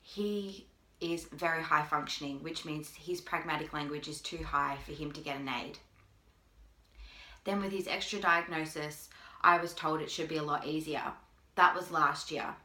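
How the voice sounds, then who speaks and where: A mother talking to camera in a halting way, with long pauses, holding back tears. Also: low voice, steady tone, bright, forceful tone. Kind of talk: personal video appeal. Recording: echoey room.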